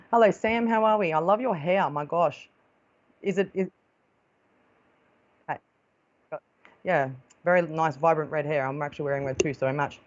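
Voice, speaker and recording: A woman's voice: sits low, moderate pace, pauses often, highs cut off, slight background noise. An Australian woman hosting a live stream as a psychic medium, chatting casually and affectionately, calling viewers darling as she greets them.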